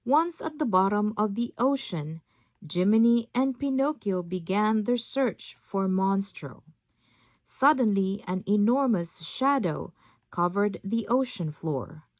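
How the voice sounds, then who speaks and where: Slow, measured woman reading a storybook. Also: medium pitch, animated, no room sound. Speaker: storybook reader. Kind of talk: scripted storybook narration.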